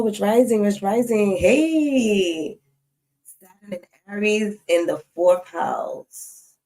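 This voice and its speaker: Slangy, animated woman astrology streamer. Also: medium pitch, low-quality recording. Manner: animated, slangy, talks straight to the chat. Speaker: astrology live-stream host. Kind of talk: casual live-stream chat.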